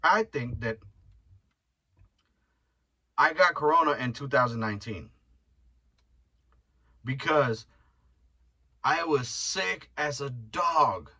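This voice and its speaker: Young guy podcasting solo, bright edgy voice, swears a lot, jokes around, rambles. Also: mid-range voice, lively intonation, takes it slowly, pauses often, slightly rough, low-quality recording. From Mexican heritage. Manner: profane, joking, rambling storyteller. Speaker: podcast host. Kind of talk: casual solo podcast rant.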